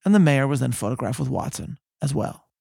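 Gravelly, measured male podcast narrator. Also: medium pitch, sing-song, darkish tone, no echo, clean studio sound. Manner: measured, storytelling, reads quotes aloud. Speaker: podcast host. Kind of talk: scripted historical narration.

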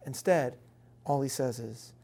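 Earnest man with a gravelly voice. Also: mid-range voice, measured pace, mellow. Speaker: speaker giving a talk on faith. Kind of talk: prepared talk to an audience.

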